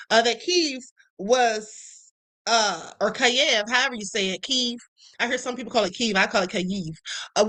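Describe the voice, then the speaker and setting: A woman hosts a casual live stream. She reads the news aloud and breaks in with sassy, chatty remarks. Her voice is bright and sits a little high.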